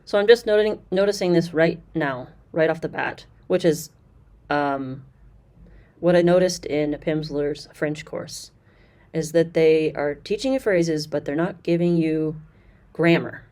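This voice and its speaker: Lady w a low voice chatting thru a language course review, lots of ums and restarts. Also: unhurried, darkish tone. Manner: chatty, explanatory, with frequent fillers and restarts. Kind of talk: casual review commentary.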